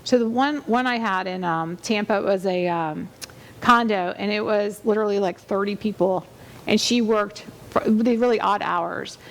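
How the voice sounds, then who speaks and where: A woman's voice: mid-range voice, moderate pace. A woman realtor hosting a real estate show, telling stories in a chatty, rambling way with many fillers and restarts. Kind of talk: casual conversational storytelling.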